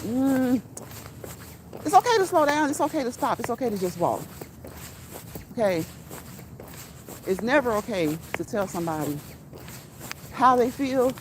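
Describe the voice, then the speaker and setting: A middle-aged woman chatting as she walks outside, laughing easily and repeating herself for emphasis. Steady outdoor noise runs under her voice. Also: medium pitch. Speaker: vlogger. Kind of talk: casual walk-and-talk vlog. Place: outdoors on a walk.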